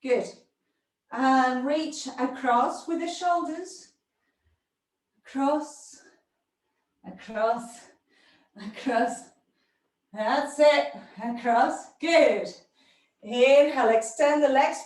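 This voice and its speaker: A woman with a high voice leads a workout-style yoga class, calling out breaths and poses in short encouraging commands. She speaks at an unhurried pace while moving with her students. The sound is very echoey and picked up from across the room. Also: darkish tone. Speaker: yoga teacher. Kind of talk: live yoga class instruction. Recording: very echoey room, distant mic.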